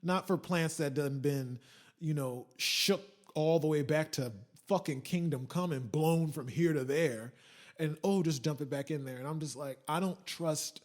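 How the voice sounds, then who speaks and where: Man, casual solo podcast rant, profane, rambling, higher-pitched voice. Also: measured pace, a little mellow. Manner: loose, profane and rambling, with mocking quoted voices. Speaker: podcast host.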